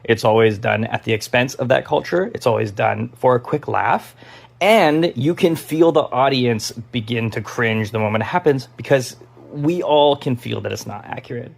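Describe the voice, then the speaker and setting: Guy from taiwan talking improv, gravelly voice, casual and frank, lots of likes. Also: mid-range voice, normal speed. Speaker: improv teacher. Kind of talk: opinionated talk to camera.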